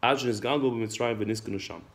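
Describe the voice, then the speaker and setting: A man's voice: lowish voice, steady tone, fast talker. A man teaching a religious text class. He reads Hebrew passages aloud, explains them in English, and often repeats his words as he goes. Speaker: Torah teacher.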